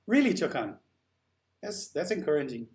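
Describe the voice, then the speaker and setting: A man's voice: fairly high pitch, sing-song, normal speed, a little mellow. A man hosting a live stream, chatting casually and answering viewer comments while he works.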